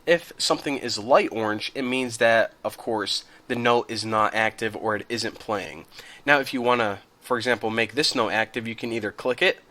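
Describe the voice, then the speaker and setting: In a laid-back, talkative screen-recorded tutorial on software, a man with a mid-range voice addresses his viewers directly, pausing now and then to clear his throat.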